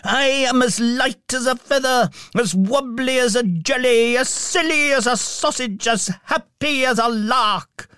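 A man voicing an old miser who is overjoyed and giddy, with high, breathless exclamations. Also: very animated, measured pace, fairly bright tone, dry recording, studio quality, heavily acted. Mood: giddy joyful.

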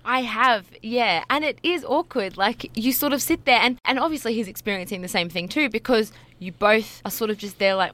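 A woman's voice: fairly high pitch, normal speed, few pauses, a bit bright. A young woman co-hosting a casual dating podcast, giving thoughtful advice and acting out awkward moments. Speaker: podcast co-host, dating coach.

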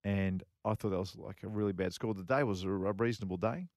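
On a golf chat show, a middle-aged former pro golfer and co-host rambles quickly through a story, circling back, repeating phrases, and dropping many fillers. His fairly low, slightly mellow voice is recorded close and dry with no room sound.

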